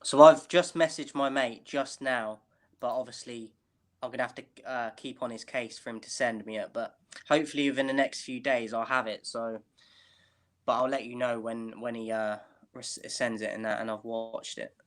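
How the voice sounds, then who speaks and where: A man's voice: mid-range voice, steady tone, moderate pace, a bit bright. A British man co-hosting a casual chat over a video call, rambling and asking "do you know what I mean". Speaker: podcast co-host.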